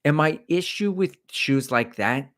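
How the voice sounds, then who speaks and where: A man's voice: fairly high pitch, expressive, unhurried, a bit bright. A middle-aged man and running coach, hosting a casual livestream and rambling through opinions and asides. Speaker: running coach and channel host.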